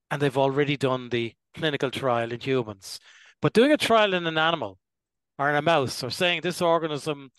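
An older man, a gastroenterologist, giving measured, explanatory interview answers and clearing his throat now and then. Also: mid-range voice, fairly bright tone, no echo, poor audio. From Ireland. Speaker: gastroenterologist guest.

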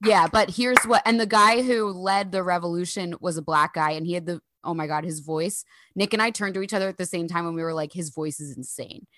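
A woman telling stories in casual podcast chat, animated and swearing freely. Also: on the low side, a little fast, no room sound, clean studio sound. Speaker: podcast guest.

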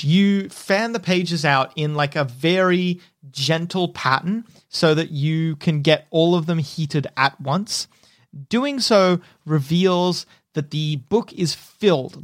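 A man narrating as game master in a relaxed, descriptive way with halting restarts. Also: sits high, dry recording, studio quality.

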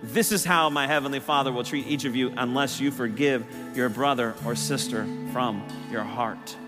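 A man preaching a sermon to his church, impassioned, his voice rising loud and high on key lines. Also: moderate pace, in a large hall, music in the background. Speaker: pastor. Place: church sanctuary.

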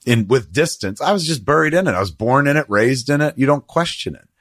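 Fairly quick and mid-range, this middle-aged man's voice comes through clean studio sound with no room sound. As a podcast host chatting casually, he tells rambling, profane stories and brings other people's words to life with animated impressions.

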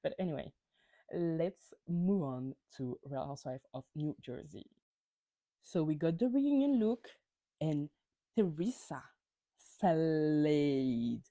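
Animated woman ranting about reality TV. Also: low-pitched, a little slow, dry recording. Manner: animated, ranting gossip with frequent swearing; stumbles and repeats words when worked up. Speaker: podcast host. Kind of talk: reality TV recap monologue.

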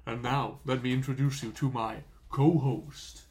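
A man's voice: medium pitch, fairly even intonation, a little slow, darkish tone, echoey room, slight background noise. Playful comedic podcast co-host man. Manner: playful, theatrical, breaks into spooky voice bits.

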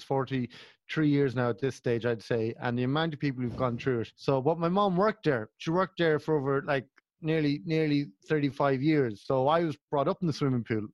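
A man's voice: medium pitch, no echo, dull audio. A young Irish man co-hosting a casual chat show, telling stories and often breaking into laughter. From Ireland. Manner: laughing storyteller. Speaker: podcast co-host.

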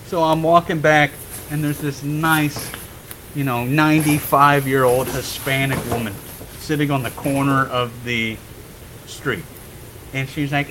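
Animated young man telling a story. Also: on the high side, slight background noise, rough recording. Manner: animated, swears freely, laughs while telling. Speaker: podcast guest. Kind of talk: casual storytelling.

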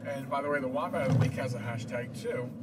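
A man's voice: medium pitch, fast talker. A man hosting a show from a moving car, chatting casually and rambling with lots of fillers. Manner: rambling, jokey, many fillers. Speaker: podcast host. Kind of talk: casual chat while driving. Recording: distant mic with loud road noise.

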